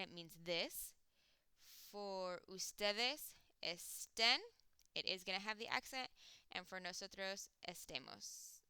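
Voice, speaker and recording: A woman teaching a recorded Spanish grammar lesson, explaining step by step and slowing down to spell out example words. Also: mid-range voice, pushed and bright, clean tone, no room sound.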